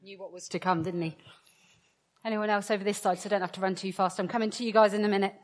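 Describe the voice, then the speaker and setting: A woman giving an interactive sermon to her congregation. She jokes with the crowd, then slows right down to press her points. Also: medium pitch, fairly even intonation. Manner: playful and joking with the crowd, then slow and emphatic. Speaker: preacher. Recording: long hall reverb.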